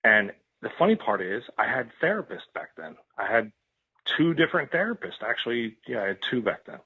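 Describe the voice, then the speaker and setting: His medium-pitched voice is husky and very animated, moving a little fast. He's a podcast guest recounting something raw and personal, emotional and repetitive, with plenty of swearing, all heard through a tinny phone-like line.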